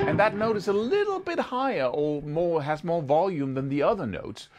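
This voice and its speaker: A man teaching a guitar lesson in a casual, animated way, sometimes singing rhythms as syllables. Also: a little high, fairly quick, few pauses, highs cut off. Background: guitar playing.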